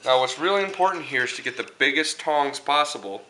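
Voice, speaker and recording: A young man hosting a mock cooking show with deadpan, mock-serious delivery. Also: mid-range voice, a little fast. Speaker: comedic cooking show host. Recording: echoey kitchen, mic far off, noisy. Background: pans sizzling.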